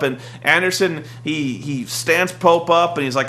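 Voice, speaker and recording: A man's voice: a little high, a little slow, hardly any pauses. A young man rambling through a sarcastic, casual rant about a wrestling show, full of "like" and mocking asides. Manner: rambling, sarcastic, mocks with shouted impressions. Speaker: podcast host recapping wrestling.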